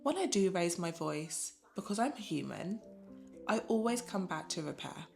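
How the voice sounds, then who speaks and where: Over music that plays clearly beneath her throughout, a woman with a slightly low voice narrates a scripted, reflective voice-over about motherhood. Her delivery is soft, soothing, unhurried, and calmly paced.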